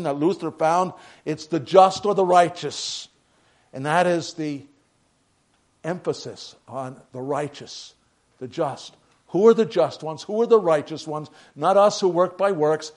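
An older man preaching a sermon, moving between quiet reflective passages and emphatic raised declarations. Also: fairly high pitch.

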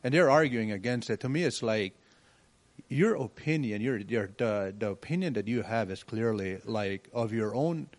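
A man's voice: on the low side, expressive, normal speed. A man in a church class earnestly sharing his views, searching for his words as he goes. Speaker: class member.

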